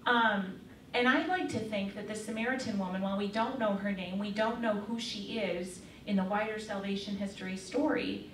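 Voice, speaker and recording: A woman's voice: mid-range voice, normal speed, a bit bright, slight background noise. Chatty woman giving a faith talk. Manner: chatty storytelling with frequent fillers. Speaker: speaker. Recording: echoey room, mic far off.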